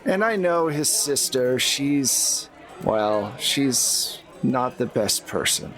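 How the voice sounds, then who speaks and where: A man's voice: mid-range voice, lively intonation, takes it slowly, a bit bright, soft background music. A man voicing a shrewd old woman of seventy-two. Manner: wry, world-weary, haggling.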